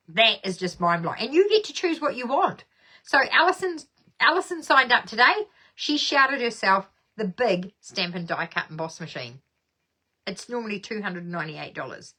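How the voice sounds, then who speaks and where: A woman's voice: mid-range voice, big pitch swings, moderate pace, bright, forceful tone. A woman hosting a casual craft live stream, bubbly and chatty, reading viewer comments aloud and laughing often.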